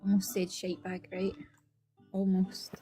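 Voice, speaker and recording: A woman's voice: mid-range voice, completely flat delivery, unhurried, mellow, faint music behind. A woman with a Scottish accent on a livestream panel, brash and mocking, swearing freely. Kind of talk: casual livestream banter.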